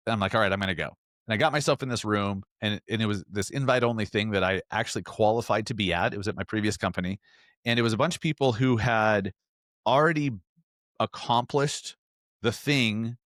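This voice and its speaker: A man's voice: on the low side, a bit bright, no room sound. Earnest male podcast host, dry sound. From Salt Lake area, US. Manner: earnest, emphatic, frequent restarts. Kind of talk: solo podcast monologue.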